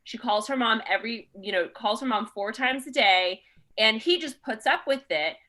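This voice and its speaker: A woman hosting a comedy podcast, reading listener questions and trading quick opinions with a laugh. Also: a little high, expressive, pushed and bright. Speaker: podcast host. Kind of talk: casual comedy chat.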